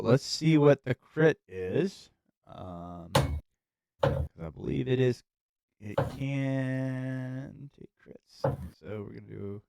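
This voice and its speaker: A man's voice: mid-range voice, vocal fry, darkish tone, clear, resonant tone, no room sound. A man running a tabletop game as game master, casual and laid-back with many ums. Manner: laid-back, lots of ums, frequent laughs.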